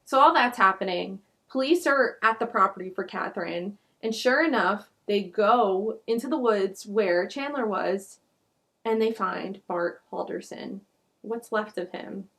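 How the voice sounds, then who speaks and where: A woman's voice: mid-range voice, unhurried, fairly bright tone. A woman hosting a true crime podcast, telling the case in a casual, chatty way with lots of "like" and indignant asides. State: out of breath.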